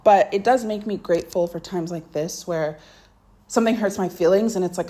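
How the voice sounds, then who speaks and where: A woman talking through her solo podcast from her bedroom in a loose, reflective way, with lots of "like." Her voice sits a touch lower than most women's, and she keeps it easy and conversational. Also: fairly quick, dark tone. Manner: chatty, reflective, peppered with "like". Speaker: podcast host. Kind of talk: casual solo podcast monologue.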